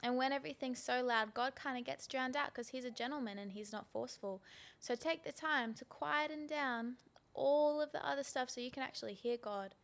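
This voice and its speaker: Young woman, faith podcast host, slightly high voice, earnest and casual, rambles a bit. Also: fairly quick, gravelly, a bit bright. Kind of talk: faith podcast talk with prayer.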